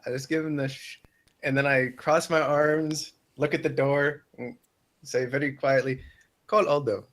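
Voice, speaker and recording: A man's voice: medium pitch, level tone, moderate pace, a bit bright. Cool clipped man playing a tabletop game. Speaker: player.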